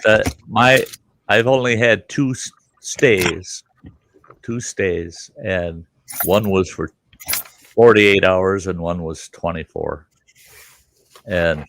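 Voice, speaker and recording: A man's voice: low voice, slow pace, pauses often, fairly bright tone, a little hiss or hum. A man telling a rambling, profane story as the host of a casual chat.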